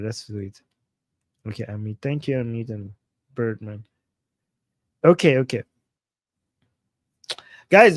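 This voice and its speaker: A man's voice: medium pitch, no room sound. A man hosting a casual livestream in his non-native English, reading viewer comments and often restarting his sentences earnestly. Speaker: livestream host.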